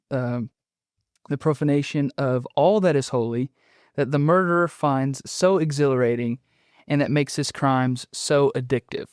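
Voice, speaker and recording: A man as a podcast guest, explaining a book thoughtfully with frequent pauses and restarts. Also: medium pitch, clean tone, dry recording, studio quality. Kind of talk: casual conversational interview.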